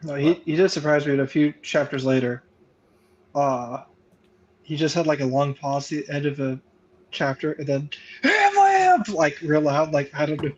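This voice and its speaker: Husky-voiced man telling laughing anecdotes. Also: a bit bright, low-quality recording. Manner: laughing anecdote teller, swears freely, squeaky-voiced impressions. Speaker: author guest. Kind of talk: casual podcast chat.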